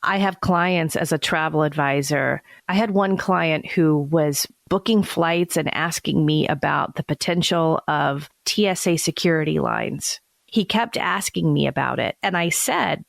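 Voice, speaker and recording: A woman's voice: deep voice, unhurried, gravelly, no room sound. A woman co-hosting a podcast, asking questions and telling stories from her work in casual conversation. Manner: conversational, asks questions and shares anecdotes. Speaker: podcast co-host, travel advisor.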